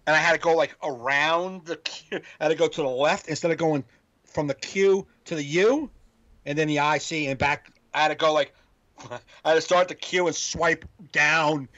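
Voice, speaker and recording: A man's voice: on the high side, fairly bright tone, dry recording, dull audio. A man co-hosting a podcast in casual chat, agreeing often and telling his own stories. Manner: agreeable, frequent quick back-channel replies. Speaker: podcast co-host.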